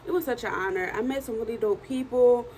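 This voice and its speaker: A woman in her thirties with a hoarse, worn-out voice, chatting in a casual video diary at home at night, tired and animated as she tells stories. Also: on the high side, brisk, a little hiss or hum, rough recording. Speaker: vlogger and journal author.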